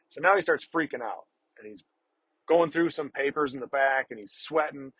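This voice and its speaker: A man's voice: mid-range voice, normal speed, a bit bright, slightly rough, no room sound, poor audio. A man hosting a podcast, telling a story in a casual, profane, exasperated way. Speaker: podcast host.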